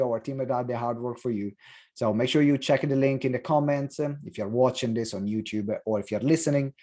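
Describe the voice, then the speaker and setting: A man's voice: mid-range voice, darkish tone. Italian-accented male podcast host. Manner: halting, frequent fillers. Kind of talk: podcast interview. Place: London.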